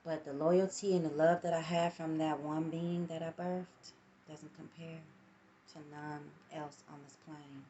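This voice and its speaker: A woman's voice: deep voice, fairly even intonation, unhurried, dark tone, a little hiss or hum. A middle-aged woman talking candidly into her phone on a tripod, reflective and blunt, swearing at times. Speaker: vlogger. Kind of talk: casual personal monologue.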